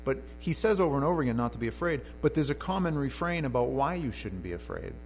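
A man's voice: medium pitch, animated, quick pace, a little hiss or hum. A man preaching a conversational sermon in a church, reading scripture aloud and then explaining it in plain talk.

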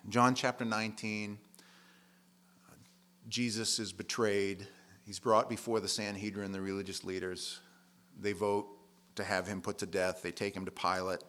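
A man's voice: lowish voice, flat delivery, measured pace, pauses often, fairly bright tone. A man preaching a sermon in a conversational, plain-spoken way, leaning hard on key words.

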